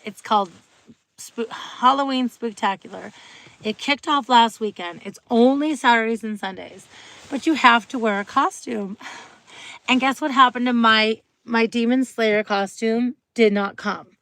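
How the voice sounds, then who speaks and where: Woman, middle-aged, live-stream host, casual rambling chat, bright voice, dry close sound. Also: fairly high pitch, measured pace, no room sound. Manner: chatty, rambling, laughing often, greeting viewers by name. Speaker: livestream host.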